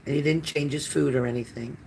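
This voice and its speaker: Brisk and gravelly, this mid-range voice keeps a steady tone, with a little hiss or hum. The speaker is a psychic card reader on a live stream, chatting loosely and warmly with viewers by name, calling them honey, and answering comments with many fillers and restarts.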